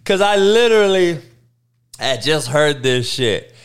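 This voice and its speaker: A man's voice: a little high, lively intonation, unhurried, a bit bright, clear, resonant tone. A man who coaches youth, ranting comically in a profane, emphatic way. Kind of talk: comedic rant.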